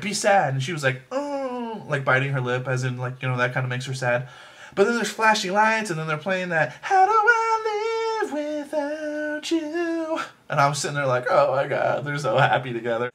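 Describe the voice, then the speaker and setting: A man's voice: medium pitch, fairly bright tone. A man casually reviewing a movie, rambling with lots of fillers and restarts and making self-deprecating jokes. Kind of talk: casual chat.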